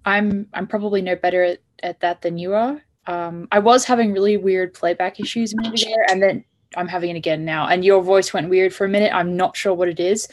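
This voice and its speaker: A woman with a lowish voice chats casually on a live stream. She talks hesitantly, often restarting. She sounds like she is on a video call mic. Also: steady tone, brisk. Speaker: co-host.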